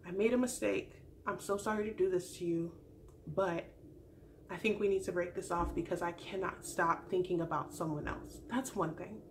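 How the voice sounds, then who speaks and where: A woman's voice: on the low side, moderate pace, a little hiss or hum. Exasperated young woman vlogger. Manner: animated, exasperated, acts out quoted dialogue. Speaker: vlogger recapping a reality show. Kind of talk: casual recap monologue.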